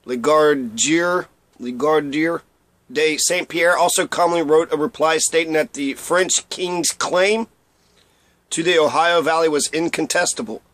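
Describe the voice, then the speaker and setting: A man's voice: a little high, a little slow, a bit bright, no echo. A man giving a casual, irreverent spoken history lesson with blunt asides, sometimes stumbling over and repeating names. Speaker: history presenter.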